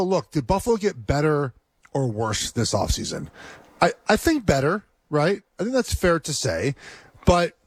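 A man's voice: on the high side, husky, dry recording. A man analyzing football on a radio show, hesitant and filler-heavy, often tagging a rhetorical "right?". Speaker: former NFL player analyst. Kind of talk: sports talk analysis.

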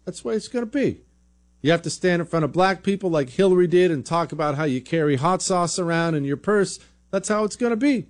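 A man's voice: a little high, animated, a little fast. A man hosting a political talk show, giving blunt, sarcastic opinion commentary in a conversational way.

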